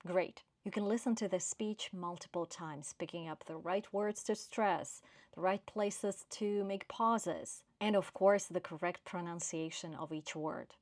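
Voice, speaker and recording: Measured woman with a non-native accent, dry sound. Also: fairly low pitch, a little mellow, no room sound. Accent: non-native English. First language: not English. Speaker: career coach. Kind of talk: scripted advice to camera.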